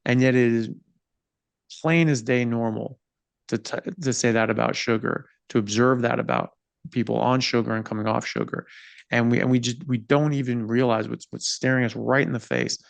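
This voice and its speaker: A man hosts a conversational interview over a video call and makes his points earnestly and with emphasis. His voice has a gravelly edge. The sound is dry and close to the mic. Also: medium pitch, steady tone, normal speed, dry recording. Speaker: podcast host.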